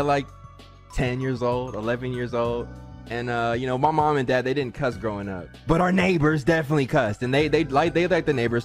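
A young man giving loose, slangy comedic commentary and telling stories while reacting to cartoon clips. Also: medium pitch. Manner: animated, loose, slangy, jumps into shouted cheers.

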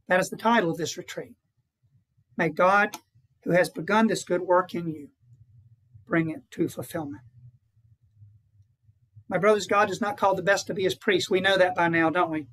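A man's voice: high voice, moderate pace, long pauses, fairly bright tone, rough recording. A man who is a priest, giving an earnest retreat conference to fellow priests and often putting rhetorical questions to them.

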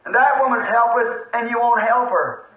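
High-voiced fervent preacher on old tape. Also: male voice, moderate pace. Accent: Southern American. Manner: fervent, excitable, shouting praise. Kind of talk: storytelling revival sermon. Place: church. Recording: lo-fi old tape, echoey church.

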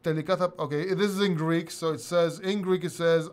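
Middle-aged dude chatting on his stream, rambly, cusses, laughs a lot, slightly high voice. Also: a little fast, hardly any pauses. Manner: rambling, swearing, laughs often, overacts. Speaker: host. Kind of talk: casual livestream chat.

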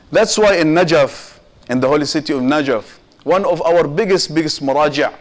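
A man giving a Muharram sermon as a sheikh, with impassioned emphasis that rises and falls and quotations in Arabic. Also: medium pitch. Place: community mosque hall.

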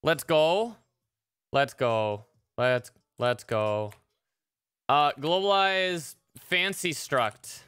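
A woman streamer live-coding and chatting casually, swearing freely as she thinks aloud with plenty of fillers. Her voice is bright and crisp, her pace unhurried, and the sound is dry and close. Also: low-pitched, lively intonation, no room sound. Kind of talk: casual live-stream chat while programming.

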